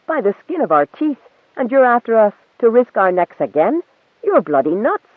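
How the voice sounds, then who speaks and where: A man's voice: very high voice, sing-song, normal speed, no room sound, narrow, tinny audio, voice pushed up, exaggerated voice. A man voicing a tired, stocky male survivor who talks with weary exasperation. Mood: incredulous.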